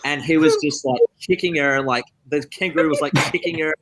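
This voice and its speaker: A man rambles through a story in a slightly higher voice. He fills his speech with fillers as a band member guest. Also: a little fast, very noisy. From Australia. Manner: rambling, lots of "like". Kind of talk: casual chat.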